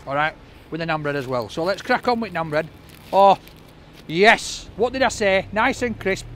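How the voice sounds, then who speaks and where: A man with a high voice talks through a takeaway box in a casual vlog. He is cheerful and chatty and laughs often. He is outdoors, with faint street noise behind him. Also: expressive, moderate pace, a bit bright. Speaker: food reviewer.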